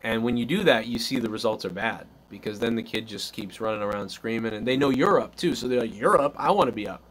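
A man's voice: fairly low pitch, fast, a little hiss or hum. A man hosting a live call-in stream, chatting casually in a loose, rambling way and acting out little quotes. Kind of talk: casual chat.

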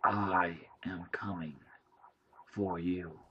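Man doing a menacing alien voice, slow, breathy whisper, low and dark, audiobook. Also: fairly even intonation, dull audio, slight background noise. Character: menacing alien presence speaking through a screen. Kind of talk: audiobook reading.

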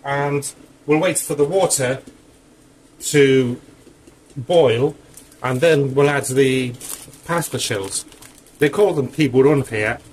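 A man's voice: mid-range voice, slow, pauses often, a little mellow, slight background noise, low-quality recording. A man cooking in his home kitchen, talking casually through the steps with chatty asides, a little out of breath. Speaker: home cook.

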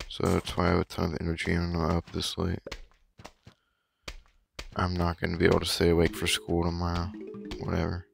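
Low, gravelly-voiced male gamer with a frog in his throat. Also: completely flat delivery, a little fast, long pauses, a little hiss or hum. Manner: talking low and hushed late at night; slangy, boastful, rambling. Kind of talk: casual let's-play commentary. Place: home, late at night. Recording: game music playing clearly underneath. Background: game music.

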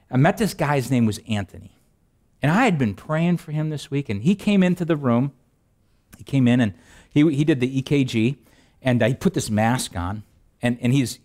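A middle-aged male pastor preaching a sermon, telling stories with lots of restarts and repeated words. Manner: animated storytelling, jumps high for quoted asides.

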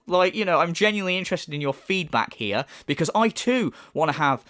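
A man's voice: fairly high pitch, animated, fairly quick, few pauses, fairly bright tone. A man commenting casually on a video, mocking and swearing a lot. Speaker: YouTuber responding.

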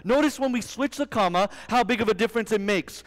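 High-voiced young preacher in a reverberant hall. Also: male voice, quick pace. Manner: asks the congregation rhetorical questions. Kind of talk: sermon.

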